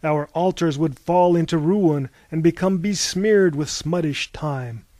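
A man's voice: fairly high pitch, measured pace, dark tone, dry recording, natural voice. A man voicing a stern, wrathful goddess queen in an audiobook. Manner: stern, grave.

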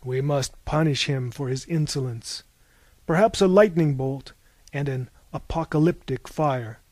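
A man's voice: mid-range voice, a little slow, a little mellow, dry recording, lightly acted. A man voicing a stern, wrathful goddess queen in an audiobook. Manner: stern, grave.

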